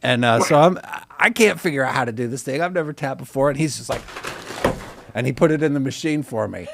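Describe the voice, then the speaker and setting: A man's voice: medium pitch, a little fast, creaky, background noise. An American man co-hosting a podcast, telling stories in casual banter and acting out the people he quotes. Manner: animated storyteller, acts out quotes. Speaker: podcast co-host.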